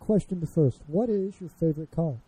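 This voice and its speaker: A man's voice: on the high side, a little fast, dark tone, husky, poor audio. A man in his thirties with a Chicago accent, hosting a casual podcast chat, rambling and self-deprecating as he fumbles with his notes. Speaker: podcast host.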